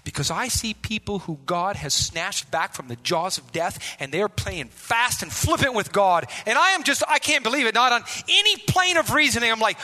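A man's voice: high voice, animated, normal speed, hardly any pauses. Fiery preaching man in a big hall. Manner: impassioned preaching, rising to shouts. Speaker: pastor. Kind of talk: sermon.

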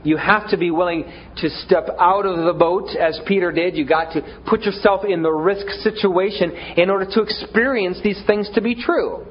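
A man's voice: high voice, moderate pace, hardly any pauses, a little hiss or hum. Preacher man with a dull lo-fi sound. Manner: conversational, stammering restarts, self-deprecating humor. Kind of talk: sermon.

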